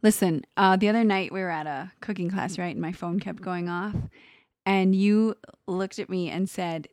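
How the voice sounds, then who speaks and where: A woman's voice: on the low side, normal speed, a little mellow, no echo, clean studio sound. Woman co-hosting a casual chat podcast. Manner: laughing, teasing banter with filler words. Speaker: podcast co-host.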